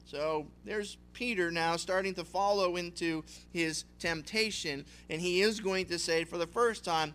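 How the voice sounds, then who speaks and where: A man's voice: sits high, measured pace, hardly any pauses, a bit bright, clear, resonant tone. A male pastor giving a conversational sermon, retelling scripture with acted voices. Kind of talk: expository sermon.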